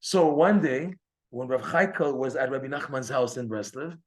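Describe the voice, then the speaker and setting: A man teaching a Torah class, telling a story in a lively way and acting out the quoted dialogue. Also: moderate pace. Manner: animated, acts out quoted dialogue with raised pitch. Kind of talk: storytelling lecture.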